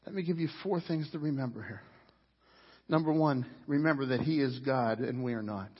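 A man preaching a sermon with great passion, rising to loud cries as he voices people's complaints to God. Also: medium pitch, normal speed, breathy edge. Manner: impassioned preaching, rising to near shouts when voicing complaints to God. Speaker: pastor. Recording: dull sound with long hall reverb.

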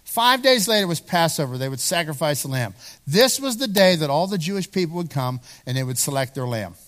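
High-voiced earnest male pastor preaching. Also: lively intonation, fairly quick, a bit bright. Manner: earnest, repeats words when building a point. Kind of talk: sermon.

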